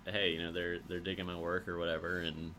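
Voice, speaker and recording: Very deep-voiced, bright-toned man host. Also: fast, a little hiss or hum. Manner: relaxed, agreeable, frequent "yeah". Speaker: interview host. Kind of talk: casual interview chat.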